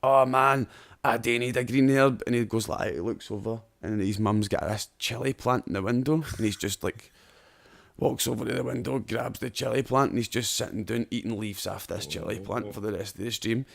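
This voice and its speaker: A man's voice: fairly low pitch, steady tone, fairly quick, gravelly. A young Scottish man hosting a podcast, telling a sweary story with lots of laughter. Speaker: podcast host. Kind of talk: casual chat.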